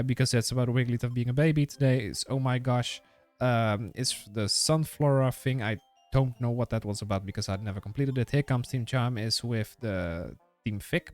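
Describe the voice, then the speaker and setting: A man streaming a game live, chatting casually with his viewers in a rambling way, full of fillers and restarts. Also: medium pitch. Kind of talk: casual live-stream chat while gaming.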